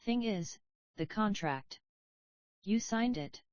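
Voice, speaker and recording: A woman's voice: medium pitch, lively intonation, slow pace, darkish tone, dry recording. Woman reads a timid, apologetic male salesman; dry, slightly dull sound. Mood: tentative. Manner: hesitant, apologetic.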